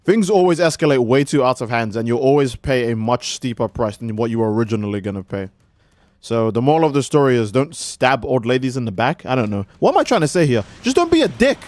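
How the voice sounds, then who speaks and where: A man streams a game with casual let's-play commentary, rambling and swearing as he acts out little skits of people. His medium-pitched voice is sing-song, quick and somewhat dark, recorded with no room sound.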